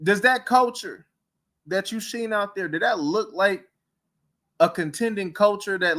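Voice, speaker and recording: A man's voice: high-pitched, a little slow, bright, forceful tone. A man hosting a casual sports talk show, ranting in a heated, mocking way with rhetorical questions. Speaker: podcast host.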